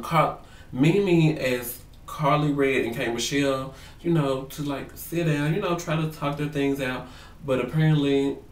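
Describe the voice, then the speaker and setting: A man casually reviewing a reality show for his vlog, talking in animated, profane slang and acting out what people said. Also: mid-range voice, distant mic. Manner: animated, profane, slangy, acts out quotes in voices. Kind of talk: casual gossip commentary to camera. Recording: roomy sound, away from the mic.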